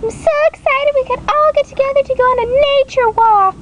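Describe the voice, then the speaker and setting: A woman's voice: very high voice, brisk, lo-fi sound, pitched above the performer's own voice. A woman voicing a giddy young girl who squeals and cries out for help in a homemade comedy skit. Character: shrieking, giddy young girl damsel in distress.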